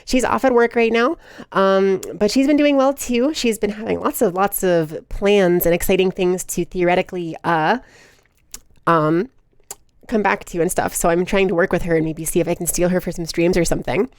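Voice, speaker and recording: A woman's voice: mid-range voice, lively intonation, a little fast, no room sound, studio quality. A woman live streaming who chats casually and reads chat aloud, giggly and playful with frequent laughter.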